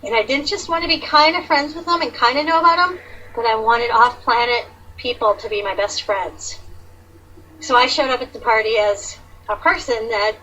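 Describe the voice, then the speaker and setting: A chatty woman with a bright, fairly high voice tells a personal story in an animated, rambling way. She fills her talk with "like" and "you know". A faint hiss sits under her voice. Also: normal speed, rough recording. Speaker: guest sharing awakening story. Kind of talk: casual conversation.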